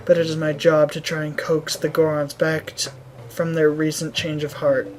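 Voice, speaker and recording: Woman doing a solemn fatherly shaman, Italian-accented, low voice, game music behind. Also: completely flat delivery, normal speed, darkish tone, lightly acted, poor audio. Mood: grave. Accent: Italian, put on. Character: solemn male village shaman, fatherly and grave.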